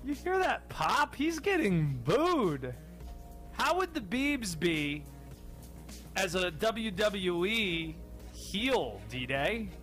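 A man hosting a sports radio show, playful and animated with jokey asides. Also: high voice, drawn-out words, soft background music. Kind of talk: casual sports talk.

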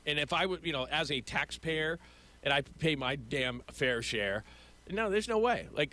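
Male host, animated, opinionated, bright and fairly high voice. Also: normal speed. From Los Angeles. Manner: animated, opinionated, stammers when excited. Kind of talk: casual sports talk.

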